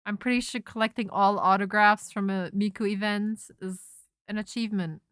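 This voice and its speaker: A young woman streamer in casual chat, telling a rambling, animated story full of restarts and self-interruptions. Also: medium pitch, moderate pace, smooth, no room sound, clean studio sound. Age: young adult.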